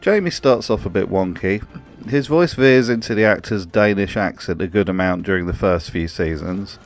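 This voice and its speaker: A man's voice: low voice, moderate pace, faint music behind. A man hosting a comedic video essay, narrating in a dry, sarcastic way. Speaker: host.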